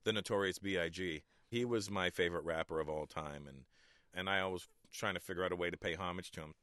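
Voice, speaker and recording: A man's voice: low voice, fast, fairly bright tone, no echo, clean studio sound. A Canadian man in his forties, a comedian guest in a radio interview, talking in a laid-back, candid and blunt way.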